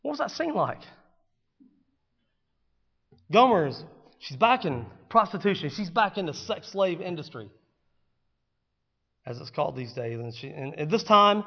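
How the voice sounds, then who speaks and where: A man preaching a sermon, swinging dramatically between hushed storytelling and loud, fervent exclamation. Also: a little high, big pitch swings, normal speed, creaky. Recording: dull sound with long hall reverb.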